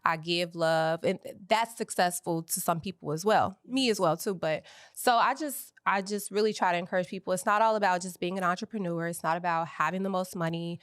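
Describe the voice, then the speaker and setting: A woman's voice: on the low side, a little fast, hardly any pauses, clear, resonant tone, no room sound, clean studio sound. A woman guest on a podcast, an author talking earnestly with frequent hesitations. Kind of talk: casual interview chat.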